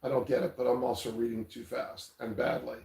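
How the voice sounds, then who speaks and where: This livestream host is a man whose medium-pitched voice is gravelly, a little mellow and flat in delivery, moving a little fast. He wanders through loose chatter, reads out the chat and drops casual swears. A tablet mic picks him up in a room with echo.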